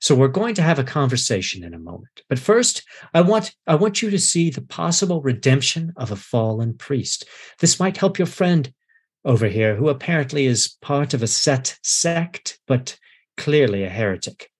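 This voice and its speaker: A man voicing a smiling male priest torturer who speaks with calm, coaxing menace. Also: medium pitch, normal speed, slightly rough. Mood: silky menace.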